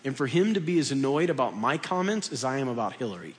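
A man's voice: medium pitch, sing-song, fast. A man preaching a sermon in a conversational, self-deprecating way, acting out little dialogues. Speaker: pastor. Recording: long hall reverb.

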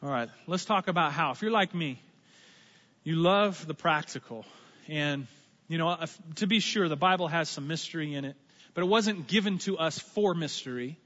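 A pastor delivers a lively, conversational sermon in a high, bright voice. He jokes and slips into quick impressions between points. The sound is a little muffled, with a long reverb that carries through a large church. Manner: conversational, animated preaching with asides and impressions.

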